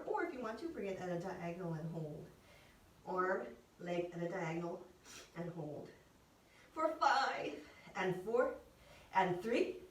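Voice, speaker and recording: A woman's voice: medium pitch, slight background noise. A woman instructor leading a pilates workout, calling out cues, counting down and encouraging the listener. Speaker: fitness instructor. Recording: echoey room, voice from a distance.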